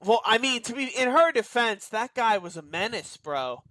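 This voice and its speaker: A man's voice: extremely high pitch, lively intonation, moderate pace, sharp tone. A young man co-hosting a casual movie review, loose and slangy, often trailing off mid-thought. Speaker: movie review podcast co-host. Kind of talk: casual chat.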